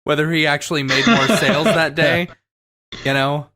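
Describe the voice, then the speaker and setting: A man's voice: on the high side, brisk, pushed and bright. A man co-hosting a podcast in casual chat, laughing often as he talks. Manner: laughs often, reads aloud with amusement. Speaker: podcast co-host.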